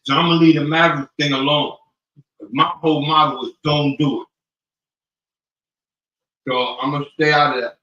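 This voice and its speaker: Bright-voiced man in an echoey room. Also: on the high side, steady tone, moderate pace, long pauses, lo-fi sound. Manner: gives blunt relationship advice like sayings. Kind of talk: casual chat.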